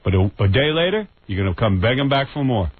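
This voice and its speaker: A man's voice: mid-range voice, big pitch swings, quick pace. A man hosting a radio show, taunting a rival in a crude, mock-menacing bit. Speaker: radio host. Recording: tinny lo-fi radio broadcast, faint hiss.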